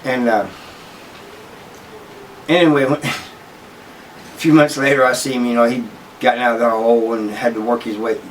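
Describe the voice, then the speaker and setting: A man's voice: mid-range voice, steady tone, normal speed, pauses often, recorded from a distance, slight background noise, poor audio. A man hosting his own channel, casually telling a story with many restarts and asides. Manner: rambling, with frequent restarts and "you know" asides. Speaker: channel host telling prison stories.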